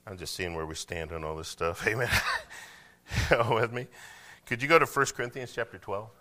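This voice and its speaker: A pastor delivers a sermon with a bright, sharp-edged voice. He drops into soft, conversational asides, then builds to loud, emphatic declarations. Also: fairly low pitch, moderate pace. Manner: animated preaching, swings from quiet asides to loud emphatic declarations.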